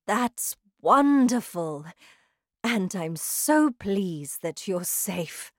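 A woman voicing a kind, protective elderly grandmother, speaking slowly and gently. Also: medium pitch, big pitch swings, no room sound, studio quality. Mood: gentle.

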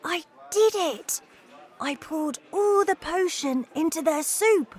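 A woman voicing a small boy turned into a mouse, high and eager. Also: animated, takes it slowly, a little mellow, heavily acted. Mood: excited whisper.

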